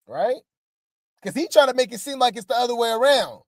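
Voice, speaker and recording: A woman's voice: on the high side, expressive, a little fast, dry recording, studio quality. A woman hosting gossip commentary in a casual, sassy way, often repeating her phrases.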